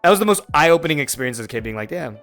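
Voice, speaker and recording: A man's voice: a little high, expressive, rapid-fire, fairly bright tone, faint music behind. A man in his twenties from Florida hosting a podcast, telling a long, rambling story full of swearing and fillers. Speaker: podcast host. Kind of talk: casual chat.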